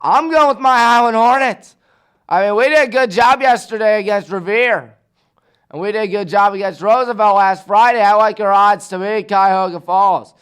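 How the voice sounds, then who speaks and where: Man, sports talk host, casual score recap, excitable, rhetorical questions, high smooth voice. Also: moderate pace.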